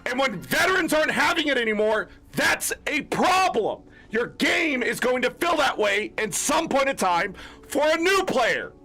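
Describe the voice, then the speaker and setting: Male gaming creator, high bright voice, gravelly, exasperated swearing rant over faint music. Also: sing-song, moderate pace. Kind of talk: ranting commentary.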